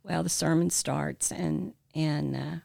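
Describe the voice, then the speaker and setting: A woman's voice: deep voice, fairly even intonation, slow pace, creaky, a little mellow, no room sound, studio quality. An older woman, mother of the hosts, telling a long family story in a rambling way with many fillers. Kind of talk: storytelling in casual family chat.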